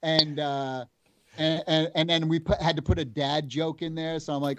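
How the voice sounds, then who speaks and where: A man, a game developer guest, telling stories in casual chat, animated and full of restarts. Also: on the high side, moderate pace.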